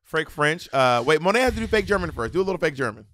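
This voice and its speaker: A man's voice: on the high side, big pitch swings, fast, fairly bright tone, no echo, clean studio sound. A man co-hosting a casual podcast chat, playful and joking, breaking into silly fake-accent bits. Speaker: podcast co-host.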